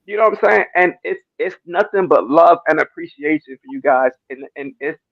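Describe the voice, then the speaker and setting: A man gives an emotional testimony in a church discussion, near tears, stammering and repeating himself and often asking "you know what I'm saying". His voice is fairly high with vocal fry, a little fast, with no room sound and the highs cut off.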